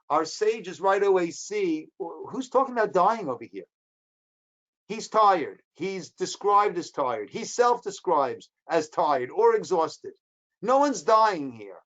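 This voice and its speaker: A man's voice: sits high, lo-fi sound. A man, a rabbi, teaching a Torah class, explaining the text line by line, asking questions and answering them, and acting out the speakers in short quoted bits. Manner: acts out the speakers with quick dramatic quotes.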